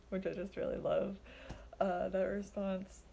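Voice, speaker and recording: Mellow-voiced woman teaching Bible casually. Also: mid-range voice, flat delivery, slow pace, creaky. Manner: chatty, filler-heavy, acts out quoted lines. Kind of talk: casual Bible study talk.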